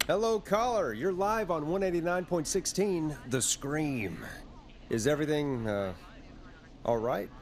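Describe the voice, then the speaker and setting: An actor playing a weary, sardonic late-night radio DJ, slipping between smooth on-air patter and exasperated asides. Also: male voice, on the high side, animated, measured pace, slight background noise. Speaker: radio host.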